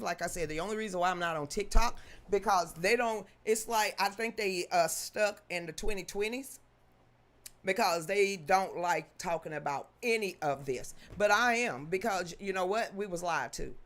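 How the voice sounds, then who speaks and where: A woman hosts a live-stream show and talks straight to her chat in a loose, casual way. She is emphatic and chatty, greets viewers by name, and reads an article aloud. Her voice sits at an ordinary middle pitch. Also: fairly bright tone.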